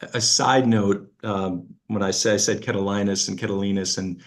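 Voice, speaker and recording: A man's voice: on the low side, normal speed. A man with a New York accent leading an online school meeting, calling on each speaker in turn and correcting himself. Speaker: meeting facilitator. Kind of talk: virtual meeting.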